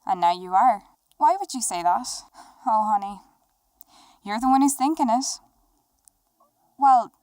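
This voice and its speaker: A woman's voice: on the high side, darkish tone, dry recording, lightly acted. A woman voicing a needling talk-show host. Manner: needling, teasing interviewer. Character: young woman playing a talk-show host interviewing herself.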